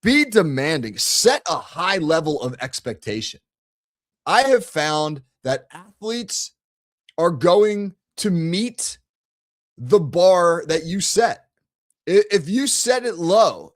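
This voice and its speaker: A middle-aged man, a coach hosting a show, talking bluntly and emphatically, repeating key phrases and restarting his sentences. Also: fairly high pitch. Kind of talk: energetic coaching talk to camera.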